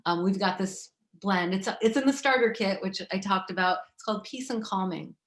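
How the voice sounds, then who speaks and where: A woman talks casually from a room at home, recorded over a webcam with a roomy echo. She tells stories in a lively, chatty way and fills her sentences with "like" and "you know." Her pitch sits mid-range for a woman. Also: moderate pace. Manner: chatty, animated storytelling with many fillers. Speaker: yoga and essential oils teacher. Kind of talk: casual online summit talk. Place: indoor room at home with diffusers.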